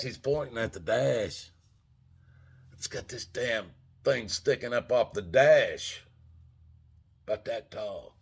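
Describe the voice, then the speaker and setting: Older guy, husky scratchy voice, rambling casual story, cussing and chatting to the folks watching. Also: medium pitch, expressive, slow pace, pauses often. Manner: loose, profane, talks straight to viewers as "folks". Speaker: vlogger telling a story.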